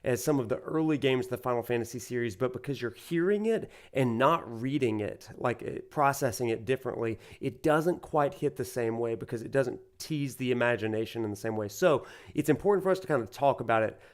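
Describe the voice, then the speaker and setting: A man with a Southern US accent lectures as a university professor while he plays a game. His voice sits in a middle range, and he talks in an animated, rambling way with plenty of fillers. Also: mid-range voice, brisk, hardly any pauses. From Alabama, USA. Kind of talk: lecture over gameplay.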